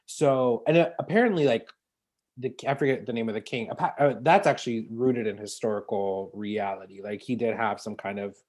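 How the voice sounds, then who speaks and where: A woman co-hosting a podcast, chatting casually about a TV show in an animated, rambling way full of fillers and restarts. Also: a bass voice, fairly quick. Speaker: podcast co-host. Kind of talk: casual chat reviewing a TV show.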